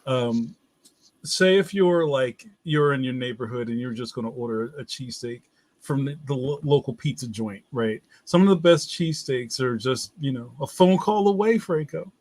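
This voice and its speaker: A man's voice: medium pitch, normal speed, a little mellow. A man speaking as a guest in a casual chat, talking in a loose, chatty way and putting on voices in his anecdotes.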